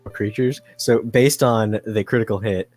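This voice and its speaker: Young man, low voice, game master, hesitant narration, lots of fillers. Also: steady tone, normal speed, darkish tone, soft background music. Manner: hesitant, many fillers and restarts.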